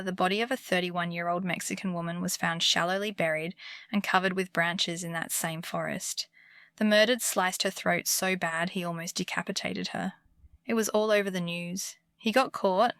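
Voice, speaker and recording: A woman narrating true scary stories for bedtime in a calm, comforting scripted delivery. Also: fairly low pitch, moderate pace, clean tone, no echo, studio quality. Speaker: horror story narrator.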